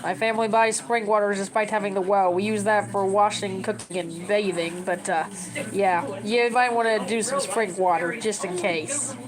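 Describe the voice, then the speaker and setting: A woman's voice: mid-range voice, fairly even intonation, normal speed, a crowd in the background, low-quality recording. A woman in her thirties talking casually to her camera, rambling and giving advice. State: tearful. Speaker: vlogger.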